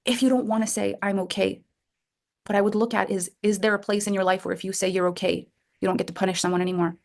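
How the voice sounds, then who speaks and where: A woman's voice: medium pitch, level tone, quick pace, vocal fry, darkish tone. A middle-aged woman, a life coach, talking to listeners in a coaching call and acting out inner voices with big jumps in her voice.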